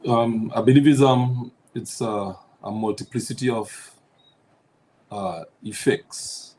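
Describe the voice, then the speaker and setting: A man, a guest on the line, speaking in a measured, hesitant way with many ums. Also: mid-range voice, mellow, a little hiss or hum.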